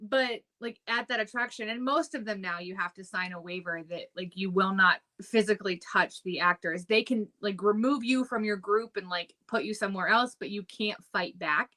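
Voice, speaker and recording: A woman's voice: medium pitch, normal speed, hardly any pauses, pushed and bright. A young woman co-hosting a casual chat show, upbeat and laughing often, with lots of "um" and "like". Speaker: podcast co-host.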